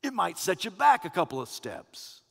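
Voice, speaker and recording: A man preaching a sermon in a church sanctuary, dramatic and swinging between loud passages and hushed ones. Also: high voice, wildly swooping pitch, moderate pace, vocal fry. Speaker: pastor. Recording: long reverb of a church hall.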